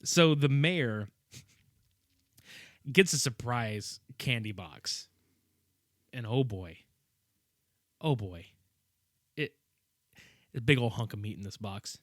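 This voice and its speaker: A bright-voiced man hosting a podcast, his pitch jumping all over as he tells the story. He swears freely and laughs often in loose, casual talk, recorded dry and close. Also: slow pace, pauses often, no room sound. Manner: animated, profane, laughing often. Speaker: podcast host. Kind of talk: casual chat.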